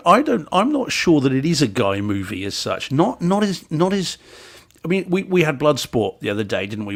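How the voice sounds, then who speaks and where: Man chatting on a podcast. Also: fairly low pitch. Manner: opinionated, jokey, frequent restarts. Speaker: podcast co-host. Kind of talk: casual podcast chat.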